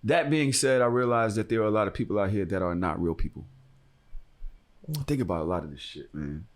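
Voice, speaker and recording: A man's voice: on the low side, brisk. A young man hosting a podcast, telling a story in casual chat, profane and acting out the voices of the people in it. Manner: animated, profane, swings into loud acted-out quotes. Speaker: podcast host.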